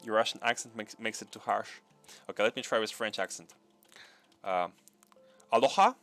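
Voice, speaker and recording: A man with a somewhat low voice hosts a live gameplay stream. He thinks aloud as he plays, repeats his phrases and chats casually with viewers between chuckles. Faint music plays in the background. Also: level tone, fast talker, sharp tone. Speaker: gaming livestream host.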